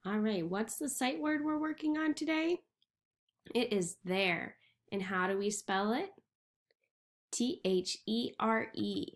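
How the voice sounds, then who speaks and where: A woman teacher giving a reading lesson to young children, slowly sounding out letters and words. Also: fairly high pitch. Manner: slow, clearly sounding out letters.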